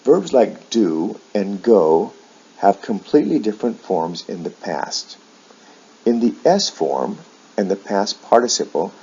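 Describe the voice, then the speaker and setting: Slow deep-voiced man teaching pronunciation. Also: creaky, dark tone, husky. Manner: slow, careful enunciation of example words. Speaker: English teacher. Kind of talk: slow explanatory pronunciation lesson. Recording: dull lo-fi sound.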